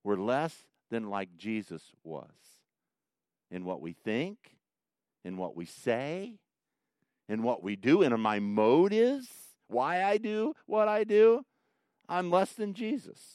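A middle-aged male pastor giving a conversational sermon, swinging from loud emphatic bursts down to soft, quiet asides. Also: mid-range voice, expressive, slow, smooth, no echo, clean studio sound.

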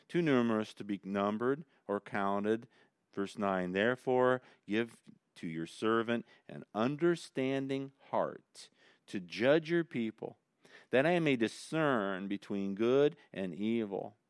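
Pastor guy preaching, lowish voice, gets loud then drops real quiet, dry close sound. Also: smooth, no echo. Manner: conversational preaching, swings between loud emphasis and quiet asides. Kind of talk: sermon.

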